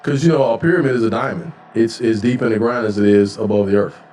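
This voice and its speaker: A man's voice: fairly low pitch, quick pace, a little mellow. A man co-hosting a podcast in casual, profane chat, often answering with "hell yeah". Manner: laid-back, profane, repeats "hell yeah". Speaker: podcast co-host. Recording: distant from the mic, faint room ambience.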